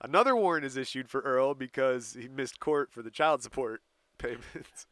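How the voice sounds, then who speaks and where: A man's voice: medium pitch, moderate pace, a bit bright, dry recording. A man co-hosting a casual talk show, recounting a story date by date and laughing often. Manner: laughs often while recounting dates and events. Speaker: podcast co-host telling a story. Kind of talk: casual chat.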